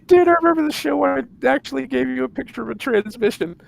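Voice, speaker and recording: A man chatting casually on a podcast, telling animated stories and laughing often. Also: very high-pitched, fast, gravelly. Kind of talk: casual chat.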